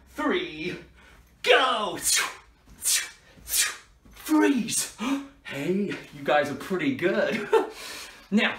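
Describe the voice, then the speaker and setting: A man's voice: high-pitched, exaggerated voice. Man playing bouncy Spider-Man for kids. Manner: bouncy, shouty, cheering kids on. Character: upbeat young male superhero Spider-Man. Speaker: children's party entertainer. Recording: roomy, from a distance.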